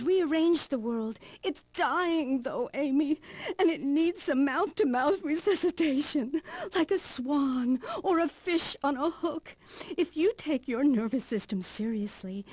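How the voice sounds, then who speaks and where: An actress playing a rambling new-age woman who calls herself a white witch, on a game's radio talk show, drifting into hushed whispers. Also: high voice, no room sound. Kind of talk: video game radio comedy acting.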